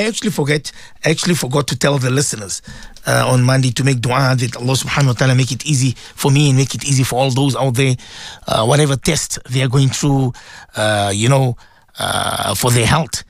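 A man's voice: mid-range voice, fairly quick, gravelly, no echo. A middle-aged man preaching on a radio show. He pleads and repeats words for emphasis, and he asks his listeners questions directly. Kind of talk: devotional radio talk to listeners.

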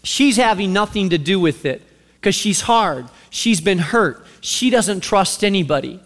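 A male preacher delivering a sermon with animated, conversational storytelling and direct questions to the listeners. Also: high-pitched, a little slow, big-room sound.

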